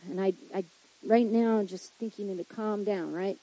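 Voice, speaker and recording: A woman's voice: mid-range voice, fairly even intonation, brisk, gravelly, dark tone, slightly rough, no echo, rough recording. A woman pastor preaching to church leaders in a conversational way, often checking in with her listeners and acting out little quoted exclamations.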